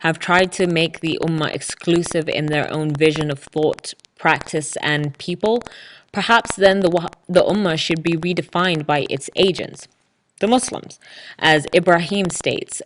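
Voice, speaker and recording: A woman with a low voice hosts a solo podcast, explaining ideas step by step as if giving a talk. She drops dry, ironic asides along the way. Faint noise sits under her voice. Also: unhurried, rough recording. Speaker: podcast host.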